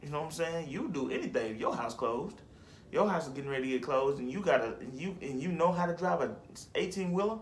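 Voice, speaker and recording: A man's voice: sits high, slight background noise. A young man chatting casually about his favorite movies, rambling and slangy, correcting himself as he goes. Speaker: vlogger. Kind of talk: casual movie list chat.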